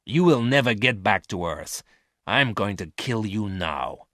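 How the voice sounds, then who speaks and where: A man's voice: lowish voice, expressive, measured pace, fairly bright tone, no echo, clean studio sound. A man voicing a ruthless male space criminal leader who talks in a harsh, commanding way. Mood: threatening.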